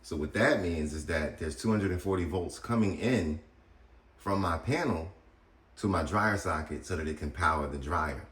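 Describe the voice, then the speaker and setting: Deep-voiced man demonstrating a DIY project. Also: moderate pace, a bit bright, echoey room. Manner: blunt, chatty, addresses viewers directly. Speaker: DIY solar video host. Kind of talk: casual how-to demonstration. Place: house interior, laundry area.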